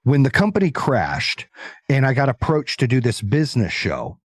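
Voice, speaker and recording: A man's voice: medium pitch, moderate pace, husky, no room sound. A man talking as a guest entrepreneur in a casual interview, blunt and confident, acting out the voices of the people in his stories. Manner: animated storyteller, acts out quoted voices.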